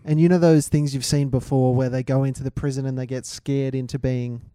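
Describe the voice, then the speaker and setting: A man's voice: medium pitch, little pitch movement, brisk, warm tone, clean tone, no echo, clean studio sound. A young Australian man co-hosting a podcast in casual chat, laid-back and crude as he tells stories. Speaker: podcast co-host.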